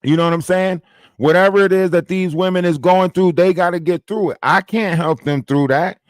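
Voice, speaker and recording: A man's voice: high voice, normal speed, no room sound, studio quality. A man hosting a live stream, ranting emphatically and repeating his points with "right?" tags. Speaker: livestream host. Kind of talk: heated live-stream rant.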